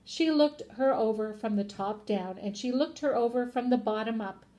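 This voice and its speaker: A woman teacher reads a children's picture book aloud at normal speed, her fairly high voice sounding muffled in the recording. She is expressive, acting out the characters' voices and asking her listeners questions.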